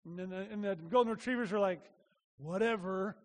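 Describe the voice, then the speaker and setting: A male pastor giving a conversational sermon, animated, acting out little voices and asking the room questions. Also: high-pitched, very fast, in a large hall.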